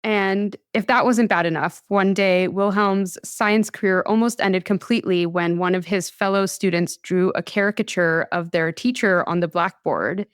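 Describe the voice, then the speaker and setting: Chatty American woman, smooth dry voice. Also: mid-range voice, steady tone, moderate pace, few pauses, dry recording. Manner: chatty, laughs often, lots of "like". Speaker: podcast host telling a science history story. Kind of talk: casual podcast storytelling.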